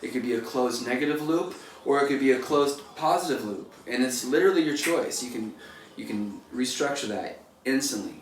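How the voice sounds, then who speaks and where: A man's voice: mid-range voice, animated, fairly quick, soft background music. A man, a painter, giving a casual motivational talk in a loose, rambling way full of "like" and "you know", recorded from a distance in an echoey room. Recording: echoey room, distant mic, faint noise.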